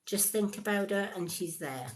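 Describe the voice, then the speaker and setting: A woman giving a live psychic card reading in a chatty, rambling way, full of animated asides. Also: mid-range voice, normal speed.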